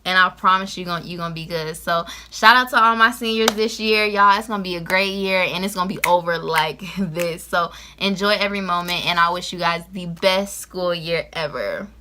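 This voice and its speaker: A woman's voice: fairly low pitch, normal speed, few pauses, slight background noise. A teenage girl from Georgia, giving casual advice in a vlog, talking straight to the camera. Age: late teens. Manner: lively, talks straight to camera, lots of "you know what I'm saying". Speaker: vlogger.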